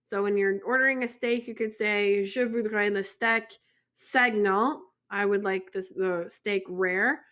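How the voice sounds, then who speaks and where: A chatty French vocabulary lesson comes from an American woman in the United States whose mid-range voice has a fairly bright tone. She cracks jokes and quizzes the viewer with questions as she goes.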